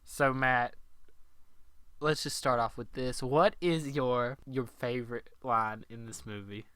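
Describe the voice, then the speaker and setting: Bright, smooth young man chatting. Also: mid-range voice, fairly even intonation, slow pace, no room sound. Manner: laughing, quoting movie lines in put-on voices. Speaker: podcast co-host. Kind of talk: casual chat.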